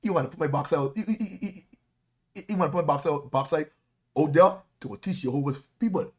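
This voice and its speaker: A man with a Caribbean accent, a deacon preaching a sermon in an animated, repetitive way, often laughing as he talks. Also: a little high, fairly quick.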